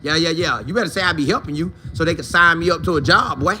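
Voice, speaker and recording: A man hosting a casual sports talk show, animated and playful, acting out quoted coaches and players in different voices. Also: on the high side, quick pace, a little hiss or hum.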